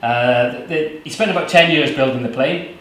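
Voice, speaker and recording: A man reading his own poems at a book launch, in slow measured lines with loose, rambling asides between poems. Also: fairly high pitch, a bit bright, slight background noise. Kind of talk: live poetry reading with chatty asides. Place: small venue at a book launch. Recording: very echoey room.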